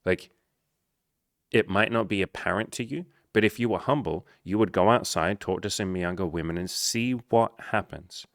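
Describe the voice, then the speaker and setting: A man's voice: low voice, normal speed, no echo, studio quality. A man who works as a dating coach, giving a blunt, profane motivational talk and acting out the people he quotes. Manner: profane, forceful, acts out quoted voices.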